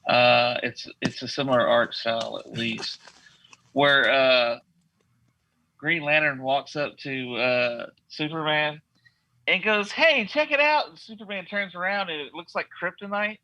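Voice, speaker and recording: A man in a casual group chat, recounting a comic strip in a relaxed way. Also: mid-range voice, a little slow, no echo, lo-fi sound.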